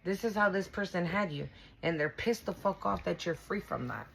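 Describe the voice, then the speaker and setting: A woman's voice: on the low side, expressive, moderate pace, creaky, slight background noise, low-quality recording. A woman doing a casual tarot reading for her viewers, blunt and profane, repeating and restarting herself for emphasis. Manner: blunt and profane, swears freely; emphatic and repetitive, restarts often. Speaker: tarot reader.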